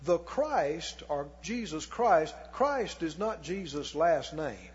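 A man preaching a sermon as pastor, reading scripture slowly and putting questions to the congregation that he answers himself. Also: on the high side, sing-song, husky. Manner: reads scripture slowly and deliberately. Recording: long hall reverb, dull lo-fi sound.

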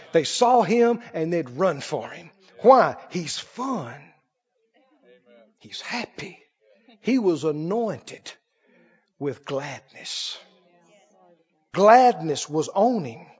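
A man preaching a sermon in a very high, sing-song voice that swoops up and down. He speaks slowly and animatedly, laughs often and throws questions at his congregation, and the recording sounds dull and lo-fi. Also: expressive, darkish tone, husky.

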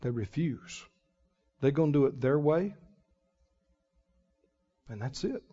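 A man preaching a sermon as pastor, folksy and emphatic, with sudden loud swells and drawn-out words. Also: fairly high pitch, lively intonation. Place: church sanctuary. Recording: muffled recording in a reverberant church hall.

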